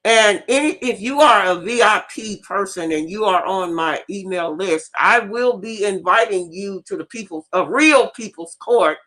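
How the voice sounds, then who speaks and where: Bright-voiced woman telling a profane story. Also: medium pitch, normal speed, few pauses. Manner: animated, profane, repeats herself. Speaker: host and teacher. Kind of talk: casual live storytelling.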